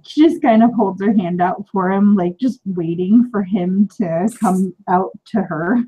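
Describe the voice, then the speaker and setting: A woman's voice: mid-range voice, a little slow, warm tone, breathy edge, poor audio. A woman narrating her character in a tabletop game, often hesitating and repeating words. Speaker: tabletop player. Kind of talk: casual role-play narration.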